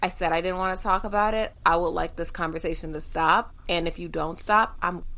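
A woman's voice: on the low side, fairly even intonation, brisk, sharp tone. Blunt, emphatic woman podcast co-host. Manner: blunt, emphatic, swears freely. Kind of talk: casual chat.

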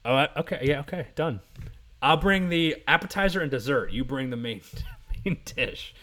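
A man's voice: medium pitch, animated, normal speed, a bit bright. A man from the East Coast of the US hosting a casual podcast chat, joking and teasing his guest and laughing often. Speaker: podcast host.

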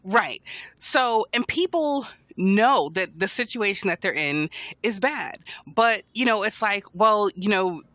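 A woman co-hosts a casual podcast in a bright, lively voice that swings up and down. She talks bluntly and expressively and laughs often. Her voice sounds dry and close, with little room sound. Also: mid-range voice, slow, no room sound. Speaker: podcast co-host. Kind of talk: casual chat.

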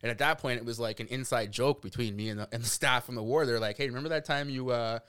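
A young man from Canada telling a story in casual podcast chat, animated and laughing, acting out quotes. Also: medium pitch, fast talker, clear, resonant tone. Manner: animated, laughs often, acts out quotes, swears. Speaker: podcast guest.

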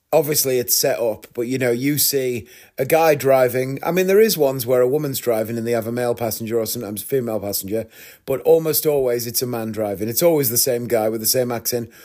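A man with an English accent, a magician and podcast host, telling comic stories in a wry, deadpan way. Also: mid-range voice. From England. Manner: wry, deadpan storytelling with frequent laughs. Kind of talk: comic storytelling monologue.

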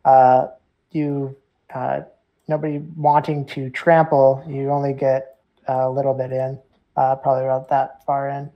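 A game master narrating a tabletop game, halting and full of fillers as they describe the scene and rule on spells. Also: medium pitch, level tone, dull audio.

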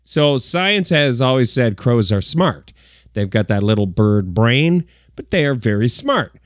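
Animated jokey man. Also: mid-range voice, a little slow, dry recording, clean studio sound. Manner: animated, jokey, exaggerated asides. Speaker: host of a countdown segment. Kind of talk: comedic news countdown.

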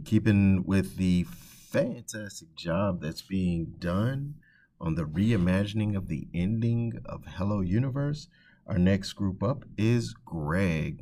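Very deep, gravelly-voiced male teacher. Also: a little mellow. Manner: encouraging, praises students. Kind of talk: introducing student presentations.

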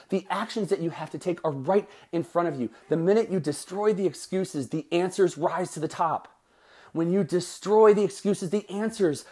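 A man's voice: on the high side, a little mellow, husky. A man hosting a podcast as a success coach, giving an emphatic, preachy motivational talk and acting out other people's excuses.

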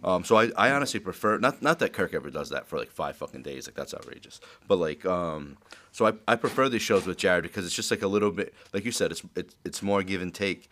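A man's voice: deep voice, animated, fast talker, a bit bright. A man co-hosting a casual podcast chat, rambling with lots of filler words and swearing. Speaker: podcast co-host.

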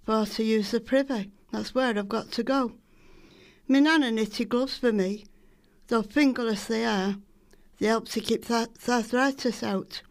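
A poet from Salford, England, reads her own poems with a Lancashire accent in a homely, storytelling way. Her voice is fairly high, with a steady tone and measured pace.

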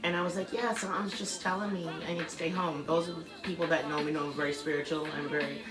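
A middle-aged woman, somewhat low-pitched for a woman, tells her story in a chatty interview. She acts out what others said in livelier voices. The room around her rings, and music plays underneath. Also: fairly even intonation, fast, echoey room, low-quality recording. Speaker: guest sharing a personal story.

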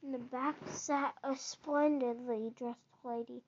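A woman reads a children's book aloud in a gentle storytelling manner, now and then stumbling over a word and restarting it. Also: high voice, fairly even intonation, slow. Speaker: narrator. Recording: dull lo-fi recording.

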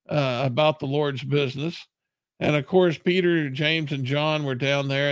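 A man's voice: a little high, vocal fry, no room sound. A man preaching a sermon in an earnest, plain-spoken way.

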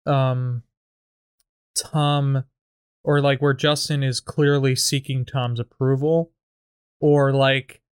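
Smooth-voiced man, rambling casual chat. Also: mid-range voice, little pitch movement, slow, pauses often. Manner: rambling, full of filler words, acts out lines. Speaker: comedy writing partner.

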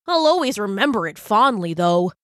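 A woman voicing an upbeat, colorful young male hermit crab who talks in an excited, bubbly way, in a storybook reading. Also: mid-range voice, normal speed, dry recording, studio quality, natural voice. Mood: fond.

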